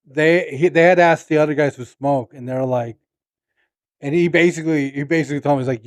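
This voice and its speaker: A man's voice: on the high side, steady tone, brisk, no echo, clean studio sound. Rambling band guy in casual chat. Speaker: band member.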